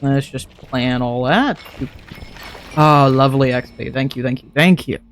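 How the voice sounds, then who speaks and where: A man's voice: medium pitch, unhurried, a little hiss or hum. A man streaming a modded game, chatting casually and thinking aloud to himself as he plays. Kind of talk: casual gameplay commentary.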